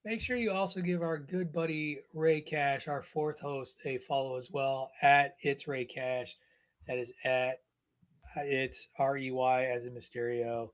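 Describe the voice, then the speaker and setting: A middle-aged man hosting a podcast, telling stories in casual, animated chat and rambling with restarts. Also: medium pitch. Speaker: podcast host.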